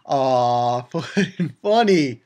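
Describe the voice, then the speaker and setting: A man giving a casual, rambling recap of an anime episode, excitable and quick to swear and laugh. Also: mid-range voice. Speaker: anime reviewer.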